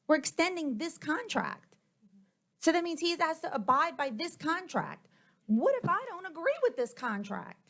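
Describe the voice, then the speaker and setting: A woman's voice: very high voice, big pitch swings, normal speed, a bit bright. A woman, a school board member speaking heatedly and confrontationally at a public board meeting into a table microphone.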